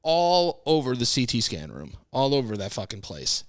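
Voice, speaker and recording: A man's voice: medium pitch, huge pitch swings, moderate pace, hardly any pauses, dry recording, clean studio sound. A man hosting a podcast, telling a casual rambling story and cursing freely. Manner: rambling, swears freely, laid-back storytelling. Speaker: podcast host. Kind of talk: casual monologue.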